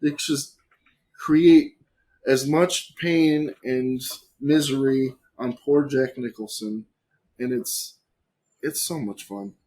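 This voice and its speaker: A man chatting casually as a podcast guest, animated and swearing freely, with big swings between loud and quiet. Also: mid-range voice, takes it slowly.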